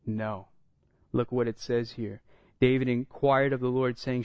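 A middle-aged man preaching a sermon, telling stories and acting out the dialogue, getting louder and higher when excited. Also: unhurried, dry recording. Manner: animated storytelling, acts out dialogue, rises when excited. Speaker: pastor.

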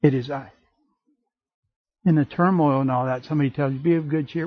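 A man preaching a sermon in an animated way, acting out little voices and jokey asides. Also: a little high, a little fast, no room sound, narrow, tinny audio.

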